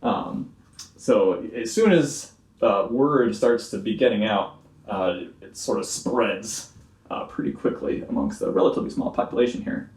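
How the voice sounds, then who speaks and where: A man's voice: fairly low pitch, animated, measured pace, darkish tone. A man narrating a tabletop game as game master, rambling with lots of fillers. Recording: roomy room, distant mic.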